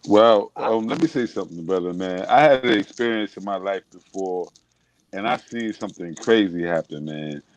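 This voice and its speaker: A man's voice: low-pitched, normal speed, no room sound, rough recording. A man in a political discussion telling a personal story, casual and emphatic.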